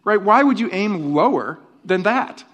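A middle-aged man preaching a conversational sermon as pastor, animated and often tagging his points with rhetorical questions. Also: high voice, measured pace.

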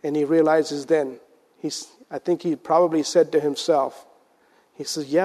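A man preaching a sermon as pastor, swinging between loud emphasis and hushed, intense lines. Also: on the high side, steady tone, moderate pace. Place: church sanctuary. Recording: church sanctuary with long reverb.

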